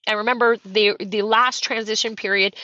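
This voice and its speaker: A middle-aged woman from Canada, a coach, telling a personal story on a podcast with high energy and fervent emphasis. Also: steady tone, moderate pace, pushed and bright, dry recording, highs cut off. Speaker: real estate coach and guest. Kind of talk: emotional storytelling in a podcast interview.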